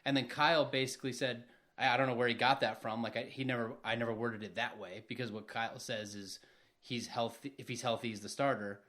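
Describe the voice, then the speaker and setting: Man, podcast host, casual chat, methodical, mid pitch. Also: fairly even intonation, brisk, fairly bright tone. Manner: explanatory, methodical.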